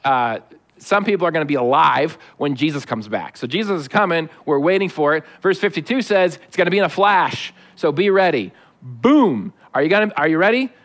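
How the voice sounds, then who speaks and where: A man in middle age with a notably high, light voice delivers a sermon. He is animated and jokey, addressing his congregation directly as a pastor. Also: a little fast. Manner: animated, joking, preaching to a live congregation.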